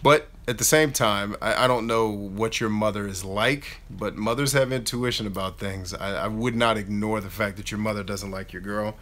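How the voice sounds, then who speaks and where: Bright-voiced chatty man hosting a live Q&A. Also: on the low side, normal speed, hardly any pauses. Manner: animated, chatty, reads out viewer questions. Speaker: YouTube host answering live chat. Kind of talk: casual live Q&A chat.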